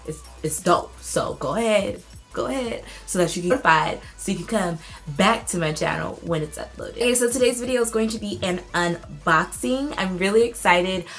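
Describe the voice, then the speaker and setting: A woman beauty YouTuber chatting through a casual unboxing vlog at home. She sounds bubbly and excitable and uses casual slang. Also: mid-range voice, rough recording.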